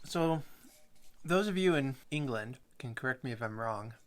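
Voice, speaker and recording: A man's voice: medium pitch, animated, normal speed. A man hosting a podcast, chatting in an easygoing, chatty way with small hesitations. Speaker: podcast host. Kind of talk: casual chat and show announcements.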